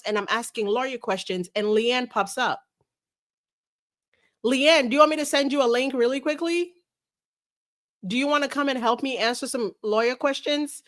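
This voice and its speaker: A woman hosting a casual livestream, chatting about a lawsuit and reading viewer messages aloud in an animated way. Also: on the high side. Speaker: livestream host.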